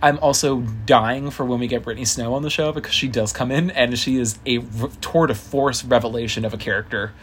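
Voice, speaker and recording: A man's voice: mid-range voice, a little fast, hardly any pauses, a bit bright, soft background music. A man co-hosting a casual podcast, chatting and leaning on fillers like "um" and "like.". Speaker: podcast co-host. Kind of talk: casual chat.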